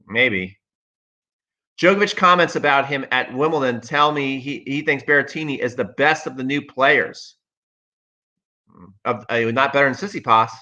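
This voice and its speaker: A man coaching-host chatting casually on a livestream, reading out viewer comments. His voice is bright and forceful, mid-pitched, and he hammers his opinions home by repeating lines. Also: moderate pace, pauses often, lo-fi sound. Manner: emphatic, opinionated, repeats himself.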